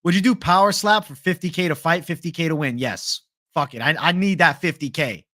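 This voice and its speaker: A man's voice: on the high side, a little fast, pushed and bright. A young man hosting a casual livestream, swearing freely and reading viewer chat aloud. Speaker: livestream host.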